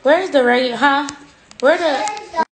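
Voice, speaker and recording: Young woman host, livestream chat, unhurried and teasing, a bit high, echoey room. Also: slight background noise. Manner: playful, laughing, teasing. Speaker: social media host.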